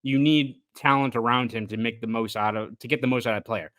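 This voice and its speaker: A man's voice: medium pitch, fairly even intonation, brisk, fairly bright tone, no echo. A young man with a Boston accent co-hosting a sports podcast, thoughtful and rambling, often correcting himself mid-sentence. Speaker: sports reporter, podcast co-host. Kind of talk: casual sports podcast chat.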